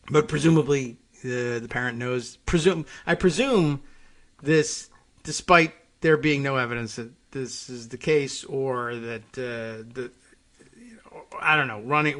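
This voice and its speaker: A man's voice: fairly high pitch, bright, forceful tone. A man hosting a talk show, casually reading on air and riffing in a wry, rambling way, often chuckling. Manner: rambling, wry, chuckling, many fillers and restarts.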